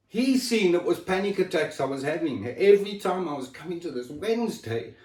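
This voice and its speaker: A man's voice: high-pitched, darkish tone, recorded from a distance. Emotional man, echoey and off-mic. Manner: raw, emotional and swearing, with sudden drops in level. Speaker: person sharing his health story. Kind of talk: emotional personal chat. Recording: echoey room, voice set back from the mic.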